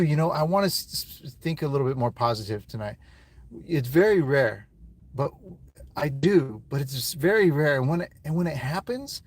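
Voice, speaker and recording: A man's voice: mid-range voice, no room sound. A man talking casually to viewers on a live stream from his phone, rambling and emotional and swearing often, seemingly from inside a car.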